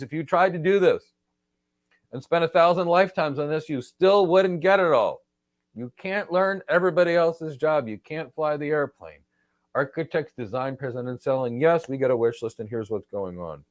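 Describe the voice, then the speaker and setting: A man's voice: on the high side, no room sound. A man hosting a live career Q&A, answering viewer questions in a blunt, emphatic and repetitive way. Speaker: host, career trainer.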